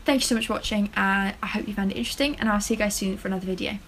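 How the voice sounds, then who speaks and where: A woman's voice: medium pitch, very fast, a bit bright, slight background noise, poor audio. A woman vlogger talking casually to camera about a case. She hedges and often stumbles and restarts. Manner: chatty, hedging, stumbles over words. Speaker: true-crime vlogger.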